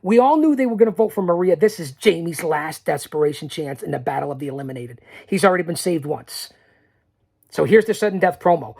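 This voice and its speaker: A male podcast host giving a boastful solo recap of a tournament. He talks straight to his listeners, urging them to stay, and drops now and then to a low mutter. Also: expressive, fairly quick, creaky, darkish tone, husky.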